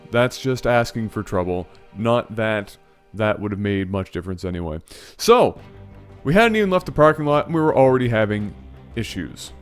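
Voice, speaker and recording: A man spins a comic personal story for his channel with animated energy. He stumbles over and corrects his own words, then jumps into playful voices. His pitch sits in a middle range, with faint music under him. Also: smooth. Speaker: channel host. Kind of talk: storytelling vlog.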